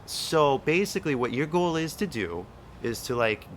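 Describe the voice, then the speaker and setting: A man's voice: a little high, animated, normal speed, slight background noise. A young man coaching an actress on her accent, talking loosely with lots of "like" and "right?" and the odd swear word. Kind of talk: casual one-on-one coaching.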